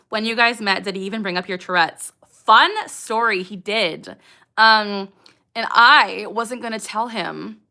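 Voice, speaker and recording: A woman's voice: medium pitch, pushed and bright. A young woman hosting a late-night livestream, reading chat questions aloud and answering in a chatty, giggly way with lots of fillers. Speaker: livestream host.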